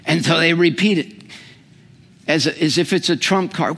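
Male preacher, slightly high voice, slow and humorous sermon delivery, reverberant hall. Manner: animated, humorous, asks the audience questions.

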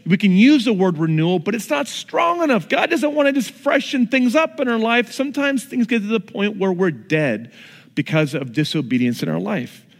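High-voiced man preaching in an echoing hall. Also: normal speed, gravelly. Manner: animated storytelling with lively pitch swings. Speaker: pastor. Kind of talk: sermon.

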